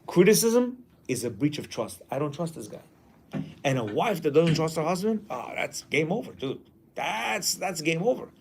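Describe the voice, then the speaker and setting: A man's voice: fairly high pitch, very animated, normal speed, noisy background. A man teaching a class in a casual way, reading a passage aloud and then commenting, often acting out quoted lines.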